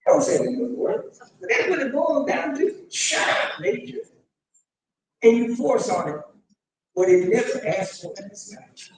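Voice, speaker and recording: A man delivering a sermon, addressing his congregation and building to shouted emphasis. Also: very high voice, sing-song, moderate pace. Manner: preaching with rising shouted emphasis. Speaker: imam. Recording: echoey hall, mic from far off.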